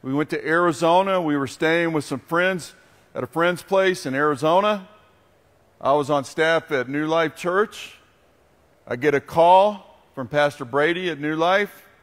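A pastor preaching a sermon, a man telling stories with animation and then turning quiet and earnest. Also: a little high, unhurried, big-room sound.

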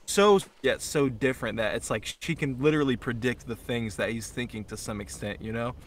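A man's voice: medium pitch, brisk, slight background noise. A young man co-hosting a podcast, chatting casually and swearing freely, full of fillers and restarts as he gushes about a film. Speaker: podcast co-host. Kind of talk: casual chat.

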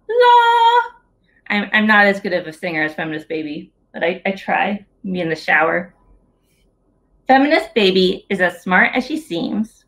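A woman's voice: mid-range voice, fairly bright tone. A woman in her thirties reads a picture book to young children over a video call. She keeps it playful and sing-song, asking the kids questions and cheering them on as she goes. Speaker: children's book author reading aloud. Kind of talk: story hour read-aloud for children.

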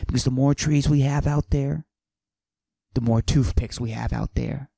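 A man doing a cocky macho character who forces his voice deep and breathy, in a comedic podcast monologue. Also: fairly even intonation, normal speed, mellow, no room sound. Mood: swaggering. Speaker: podcast host.

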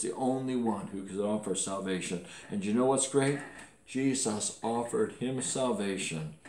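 A man preaching a sermon as pastor, earnest, slowing down to stress key phrases and dropping softer toward the close. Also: lowish voice, slight background noise. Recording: echoey room.

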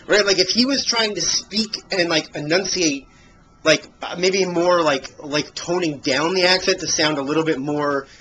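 A man chatting casually about a movie on a podcast, his voice bright and forceful and sitting a bit high. He rambles, piling up fillers and restarting sentences. A faint ambience hums under the talk. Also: normal speed, slight background noise, low-quality recording. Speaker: podcast co-host.

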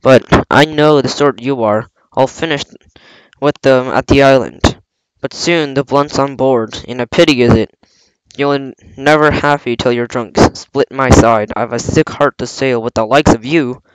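A man's voice: mid-range voice, unhurried, smooth, dry recording, close to an everyday voice, poor audio. A man reading aloud, voicing a scheming older pirate cook with a coaxing, blustering sailor manner.

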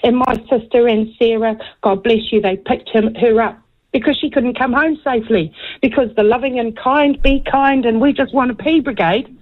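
Excitable woman calling in, tinny phone line. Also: a little high, normal speed. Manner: emphatic, agitated and excitable. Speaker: caller. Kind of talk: call-in talk radio.

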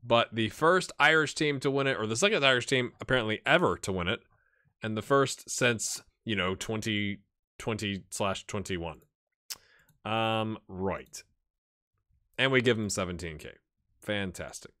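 A man's voice: fairly low pitch, a little slow, pushed and bright. A man hosting a casual let's-play video, chatting and rambling to his viewers as he plays. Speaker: gaming channel host.

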